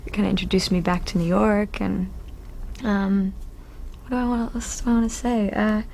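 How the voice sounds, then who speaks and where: A woman's voice: mid-range voice, steady tone, normal speed, vocal fry, a little mellow, a little hiss or hum. A woman in an interview, speaking loosely with fillers and gratitude about her show. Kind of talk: interview reminiscence.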